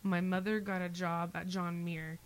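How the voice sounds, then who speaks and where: A woman's voice: lowish voice, little pitch movement, normal speed, poor audio. A woman in her thirties from Oklahoma, a podcast guest chatting casually and telling stories with lots of fillers. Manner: chatty storyteller with fillers and playful asides. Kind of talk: casual interview chat.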